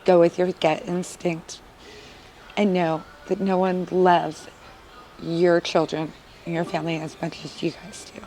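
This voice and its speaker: A woman's voice: lowish voice, flat delivery, measured pace, warm tone, slight background noise, rough recording. A woman, a mother of three boys, giving an earnest, emotional interview testimonial with frequent filler words.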